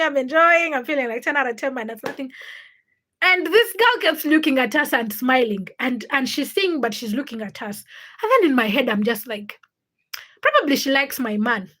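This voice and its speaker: Young female livestreamer, high bright voice, chatty storyteller who laughs a lot and reads out viewer names. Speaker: livestream host. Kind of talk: casual livestream chat, greeting viewers and telling stories.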